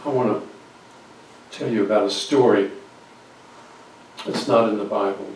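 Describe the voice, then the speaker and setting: Man, storytelling sermon, acts out the voices, booming hall echo, heard from a distance. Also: fairly even intonation, a little slow, darkish tone, slight background noise. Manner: acts out quoted voices, drops to near whispers. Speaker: guest speaker. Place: church sanctuary. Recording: very echoey church recording from far off.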